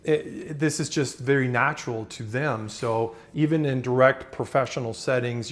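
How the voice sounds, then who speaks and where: A man giving a casual lesson on communication styles, talking in a loose, conversational way with fillers and restarts, and acting out example phrases as he goes. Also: medium pitch. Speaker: communication coach.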